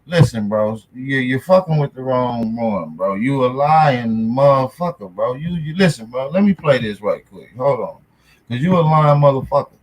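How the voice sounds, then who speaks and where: A man's voice: medium pitch, animated, moderate pace, noisy background. A man hosting a livestream, bantering casually and mocking a caller in a brash, profane way. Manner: brash, mocking, trash-talking. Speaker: livestream host.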